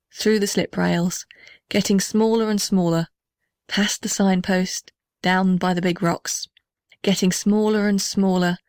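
A woman's voice: mid-range voice, no echo. Woman reading a storybook aloud, dry. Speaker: narrator.

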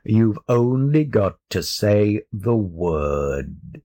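A sly male cat from a storybook, smug and teasing, as a man reads him aloud. He drawls his words at a very slow, relishing pace. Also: lowish voice, big pitch swings, warm tone, exaggerated voice. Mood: coaxing.

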